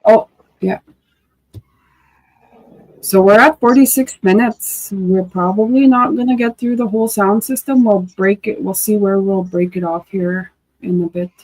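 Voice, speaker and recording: A woman teaching a language lesson, slowly sounding out syllables and words in casual drills. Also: medium pitch, fairly even intonation, darkish tone, poor audio. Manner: slow, drawn-out syllable drills.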